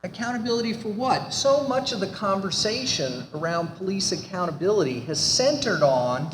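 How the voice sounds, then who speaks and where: Man panelist, higher-pitched, emphatic rhetorical delivery, reverberant hall with faint noise. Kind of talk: academic panel talk. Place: conference hall.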